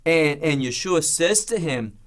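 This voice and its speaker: A man's voice: on the high side, animated, measured pace. A man teaching a verse-by-verse Bible study, asking rhetorical questions and answering them himself, with an emphatic delivery.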